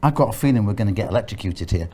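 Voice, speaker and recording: Male cooking host, chatty and fussy, very lively pitch, noisy outdoor feed. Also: rapid-fire. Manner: fussy, joking, keeps saying "hang on". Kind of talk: chatty live cooking segment. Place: outdoor park cooking setup.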